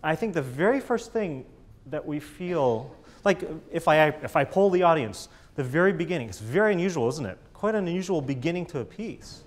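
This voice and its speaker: A man's voice: on the high side, animated, normal speed. A man coaching a chamber ensemble in a master class, encouraging and enthusiastic, singing out rhythms with syllables.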